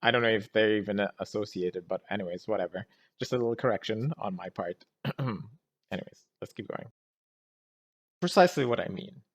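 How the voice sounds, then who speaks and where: A man with a lowish voice talks a little fast, reacting casually to a movie in an exasperated, rambling way. He groans and laughs at it often, and keeps restarting with "anyways, let's keep going."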